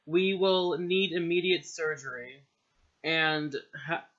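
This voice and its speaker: A man's voice: a little high, slow pace, fairly bright tone, highs cut off. A man voicing a blunt hospital doctor giving grim news in a story read aloud.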